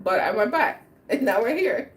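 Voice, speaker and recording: A woman hosts a casual livestream and tells a personal story full of slang and frequent laughter. Her voice sits high and swoops all over the place. She takes her time with every line. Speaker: livestream host.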